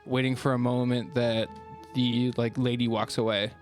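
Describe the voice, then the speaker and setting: Male player, mid-pitched, halting and repetitive, faint music underneath. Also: little pitch movement. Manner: thinks aloud, repeats himself, laughs often. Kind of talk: casual tabletop play.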